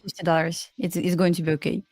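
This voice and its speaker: A woman's voice: lowish voice, little pitch movement, a little mellow, dry recording, clean studio sound. Belarusian woman with a Russian accent. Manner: halting, restarts sentences. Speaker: trader co-host. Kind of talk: casual chat on a live stream.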